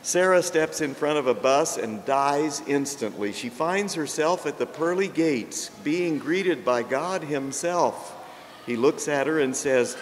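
An older man, a priest, preaching a sermon with jokes, told in a slow and gentle storytelling way. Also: on the high side. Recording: long reverb, faint background noise.

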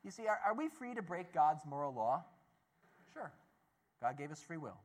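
A male Catholic speaker telling a story to an audience. His delivery is animated, with big swings between soft, low asides and loud, lifted peaks. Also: normal speed.

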